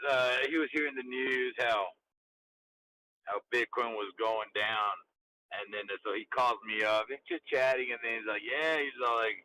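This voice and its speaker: A man's voice: lowish voice, bright, forceful tone, a little hiss or hum, rough recording. Blunt, cussing man ranting on a stream. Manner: blunt, swears often, retells calls in quoted voices. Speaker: crypto stream host. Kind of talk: casual profane chat.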